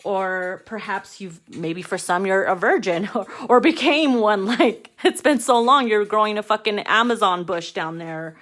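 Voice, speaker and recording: Woman, tarot reader, casual card reading, frank, playful, swears a lot, reads card text slowly. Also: medium pitch, a bit bright. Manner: frank, playful, swears freely, calls viewers darling; slows down to read card text aloud.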